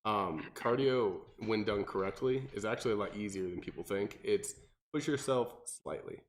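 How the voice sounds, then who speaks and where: A man's voice: moderate pace, a little hiss or hum. A man, a personal trainer co-hosting a podcast, talking casually and animatedly with lots of fillers and restarts. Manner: animated, mimics people in exaggerated high voices, many fillers and restarts.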